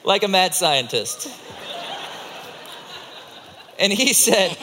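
A man's voice: sits high, big pitch swings, moderate pace, pushed and bright. A man teaching a children's group, acting out a Bible story with volunteers in a playful, coaching way. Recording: echoey hall.

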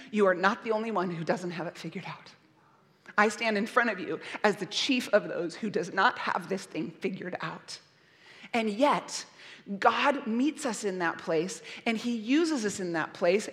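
A middle-aged woman pastor preaching a sermon, gentle and earnest, soothing at times. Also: sits high. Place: church. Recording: long reverb of a church hall.

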